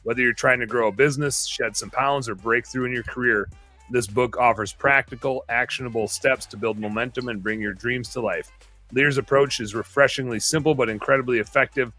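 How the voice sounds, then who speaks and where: Bright-voiced man hosting a podcast. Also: mid-range voice, steady tone, brisk, soft background music. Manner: rambling, self-mocking, reads aloud in a jokey tone. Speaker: podcast host. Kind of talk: casual podcast banter.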